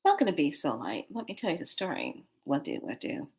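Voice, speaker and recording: A middle-aged woman with a low-pitched voice talks straight to her viewers. She tells a personal story in a loose, casual way, repeating words and restarting her sentences as she goes. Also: wildly swooping pitch, a little fast. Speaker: spiritual vlogger.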